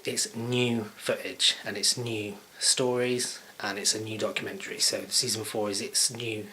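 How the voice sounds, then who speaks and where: A man's voice: fairly low pitch, level tone, a little slow, bright, forceful tone, slight background noise, low-quality recording. A man hosting his own show, chatting unscripted straight into a camera mic in a rambling, jokey, self-deprecating way. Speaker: vlogger host. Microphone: camera microphone.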